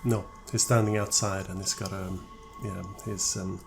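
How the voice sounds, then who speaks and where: A man's voice: low-pitched, level tone, normal speed, gravelly, over music. A man narrating a tabletop role-playing game as game master, in a casual, slightly hesitant way.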